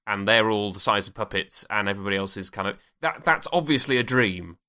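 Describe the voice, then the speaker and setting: A man's voice: fairly low pitch, expressive, a little fast, pushed and bright. A man co-hosting a podcast, chatting casually about a TV episode with frequent restarts and laughs. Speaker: podcast co-host. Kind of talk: casual chat.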